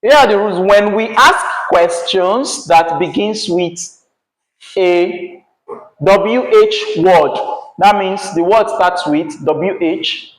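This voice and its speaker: A high, slow male voice leads a class in a room full of echo. The teacher is patient and keeps checking understanding with frequent "yeah?" and "right?".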